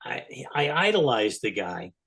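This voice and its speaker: A man's voice: medium pitch, sing-song, measured pace, creaky, a bit bright, slightly rough. A man in his sixties telling casual stories as a podcast guest, rambling with many "you know" fillers and laughing as he talks. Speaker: guest, longtime fan. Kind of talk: casual anecdotal storytelling.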